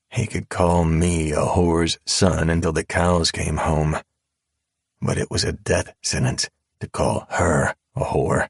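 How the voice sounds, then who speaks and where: Very deep, slow, husky male narrator. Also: no echo, clean studio sound. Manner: calm, measured drawl. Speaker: audiobook narrator. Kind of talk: first-person audiobook narration of a dark romance. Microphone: close studio mic.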